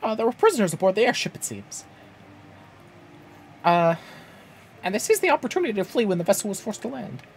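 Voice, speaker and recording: A man voicing a game guard in a high, squeaky cartoon-mouse falsetto, stumbling over the lines as he reads. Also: big pitch swings, fairly quick, gravelly, pauses often, a little hiss or hum, exaggerated voice. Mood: chirpy. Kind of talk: reading game dialogue aloud in voices.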